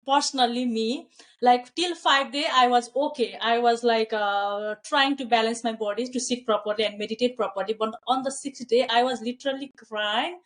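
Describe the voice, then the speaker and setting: A woman's voice: a little high, moderate pace, fairly bright tone. A woman interviewing a guest, asking questions in a chatty way with frequent "like" and "uh" fillers. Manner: chatty, heavy use of "like" and "uh".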